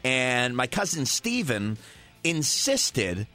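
A man co-hosting a live radio program, with a very lively pitch. He speaks in a dry, mock-formal way and tells quick anecdotes to his co-host. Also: faint music behind. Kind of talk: live call-in radio talk.

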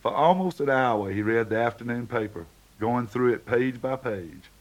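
Male narrator, mid-pitched, audiobook reading with lightly shaded dialogue. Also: lively intonation, normal speed, poor audio. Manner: reads dialogue with small shifts for each character.

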